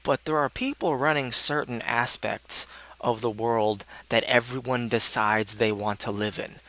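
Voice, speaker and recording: A man's voice: mid-range voice, steady tone, unhurried, sharp tone. A young man in a casual, rambling monologue, answering questions in a sardonic tone and swearing freely. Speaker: video blogger answering questions.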